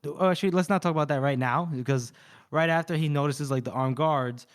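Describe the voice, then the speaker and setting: Recapping a novel on a podcast he co-hosts, a man casually retells the story and acts out the quoted lines. His voice sits on the high side, brisk, clear and resonant.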